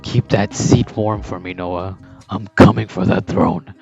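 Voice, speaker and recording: Man doing a cocky teen striker, loud taunting, higher pitched, lo-fi with music. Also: moderate pace, close to an everyday voice. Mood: defiant. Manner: taunting, sneering, shouting. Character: cocky furious teen male soccer striker. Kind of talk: fan story voice acting. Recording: dull lo-fi with background music.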